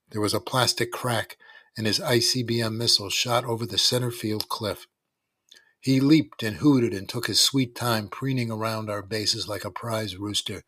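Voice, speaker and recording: A man's voice: fairly low pitch, fairly bright tone, no echo. A man reading a first-person story aloud with wry, dry storytelling. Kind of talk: scripted first-person narration.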